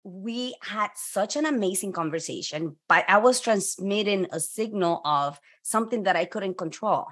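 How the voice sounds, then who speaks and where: A woman's voice: medium pitch, normal speed, hardly any pauses, a bit bright. A woman hosting an interview, chatting casually and laughing often at herself. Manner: laughs often, self-deprecating. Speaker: podcast host.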